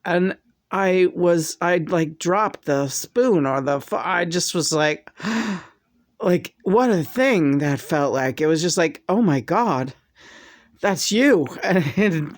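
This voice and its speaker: A woman hosting a vlog, telling a candid personal story in a rambling way that turns animated when she quotes herself. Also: on the low side, takes it slowly, dry recording. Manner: rambling, animated when quoting, frequent laughs. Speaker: vlog host.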